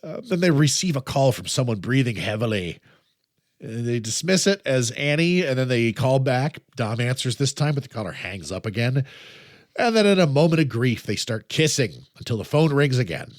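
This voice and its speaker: A man co-hosting a podcast, relaxed as he recaps a film plot and laughs often. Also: medium pitch, normal speed, dry recording, clean studio sound. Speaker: podcast co-host. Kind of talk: casual chat recapping a film.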